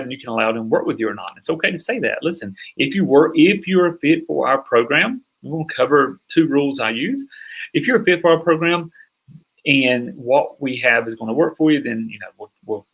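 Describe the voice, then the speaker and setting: A middle-aged man from North Carolina with a slight Southern drawl, teaching sales in a fast, emphatic way and often checking that listeners are following. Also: mid-range voice, animated, fairly bright tone, husky. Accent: Southern American drawl. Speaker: sales coach. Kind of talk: teaching a sales training session.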